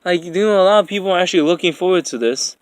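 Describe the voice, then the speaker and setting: A man's voice: high voice, very fast, dry recording. A young man giving a rambling, profane, exasperated commentary on an anime episode. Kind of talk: ranting commentary.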